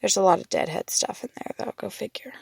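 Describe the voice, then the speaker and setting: A woman's voice: medium pitch, fairly quick, creaky, husky, no echo. A woman and mother chatting casually about a festival trip, rambling, swearing freely and restarting her sentences. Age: young adult or middle-aged, mother of two daughters. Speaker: vlogger recounting a festival trip. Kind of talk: casual storytelling monologue.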